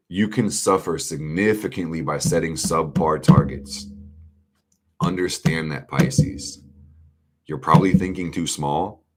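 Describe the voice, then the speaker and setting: Very deep-voiced hyped man reading tarot. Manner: hyped, profane, talks straight to chat with slang. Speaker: astrology and tarot reader. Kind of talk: casual live-stream tarot reading.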